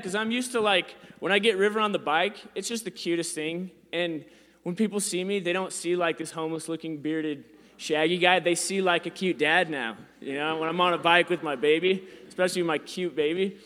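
A man with a high voice tells a casual, self-deprecating story about being a dad. He gets louder and higher as the story gets exciting. His voice rings with a long reverb tail. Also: a little fast.

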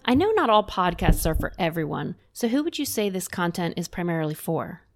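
A woman's voice: on the low side, big pitch swings, fairly quick, no room sound. A woman hosting a podcast, reading an enthusiastic introduction and then chatting with her co-host. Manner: enthusiastic, upbeat. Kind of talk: scripted introduction and casual podcast chat.

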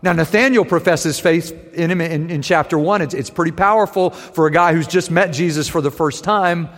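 A man's voice: on the high side, moderate pace, fairly bright tone, big-room sound. A man preaching a sermon in a conversational way, with wry asides to his congregation. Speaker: pastor.

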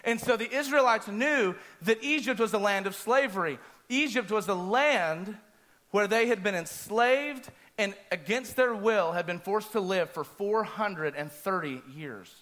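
A man preaching a sermon, telling a personal story in an animated way and acting out his own screams. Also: high-pitched, unhurried.

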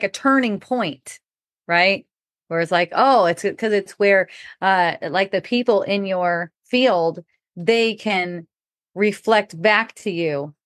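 A middle-aged woman with a fairly low voice tells a personal story in a loose, casual way. She laughs often and acts out the lines people said. The sound is dry and close. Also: dry recording. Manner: relaxed, laughing often, acting out quoted talk. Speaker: podcast speaker.

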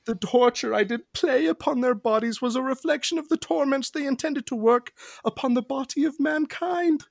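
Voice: high voice, normal speed, creaky, no room sound, studio quality, voice pushed up. A podcaster voicing a male cannibal murderer who confesses in overwrought mock-archaic speech. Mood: confessing. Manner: overwrought mock-Shakespearean, breaking into laughs.

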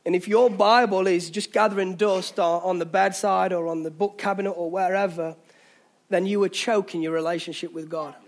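English pastor preaching in church, really high voice, fired up and joking around. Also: male voice, fairly even intonation, moderate pace. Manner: passionate, exhorting, jokey asides. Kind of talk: sermon. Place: church hall.

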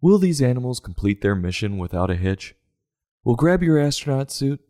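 A man's voice: mid-range voice, very animated, moderate pace, warm tone. A man giving a comedic, sarcastic review of a children's book in a mock-exasperated way.

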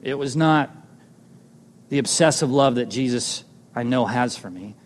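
A man telling a personal testimony as a sermon, animated, moving between loud exclamations and hushed tender moments. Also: medium pitch, measured pace. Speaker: preacher sharing a testimony. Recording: long hall reverb.

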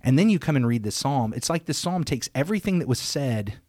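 A man's voice: mid-range voice, expressive, a little fast, darkish tone, dry recording, clean studio sound. Earnest man reading and discussing scripture. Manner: earnest, restarts and self-corrections while discussing. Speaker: podcast co-host.

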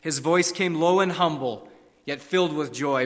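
A man's voice: a little high, moderate pace, big-room sound. A man preaching a sermon, telling stories and fables with a dramatic, varied delivery. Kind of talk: sermon with storytelling.

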